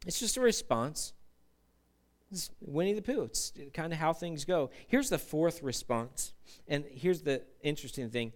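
A man preaching a sermon in an animated way, acting out quotes in put-on voices. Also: a little high, a little slow. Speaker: pastor.

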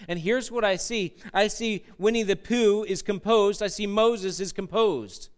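A man preaching a sermon in an animated way, acting out quotes in put-on voices. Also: high voice, unhurried, few pauses, clear, resonant tone. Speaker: pastor.

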